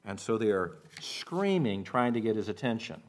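A man preaching a sermon as pastor, walking through scripture and now and then acting out the shouting of the people in the story. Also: on the low side, big pitch swings, moderate pace. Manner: expository preaching, acts out shouted quotes.

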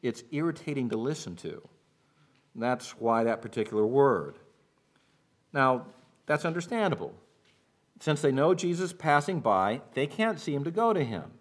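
Pastor giving a sermon, mid-pitched man, explains verse by verse and acts out quotes. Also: sing-song, normal speed, long pauses. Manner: expository preaching, acts out shouted quotes.

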